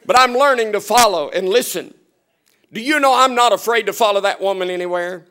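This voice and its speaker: A man preaching a storytelling sermon in a folksy, humorous way, chuckling often and swinging between loud and hushed delivery. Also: sits high, fairly quick. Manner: often chuckles while telling stories.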